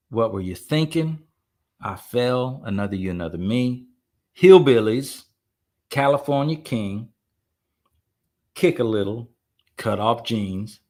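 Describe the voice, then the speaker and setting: A man, a singer-songwriter, chatting casually on a live stream, rambling with many fillers and restarts. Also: mid-range voice. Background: faint guitar playing.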